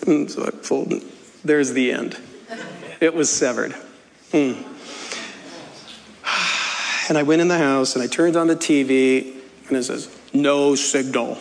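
A man's voice: medium pitch, unhurried, vocal fry, long pauses. A man preaching a humorous sermon, telling a self-mocking story with frequent laughs. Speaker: pastor. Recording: echoey hall with faint ambience.

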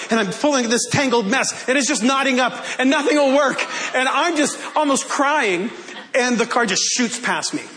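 A man's voice: high-pitched, sharp tone. A male pastor preaching to his congregation, telling a self-deprecating personal story with humor.

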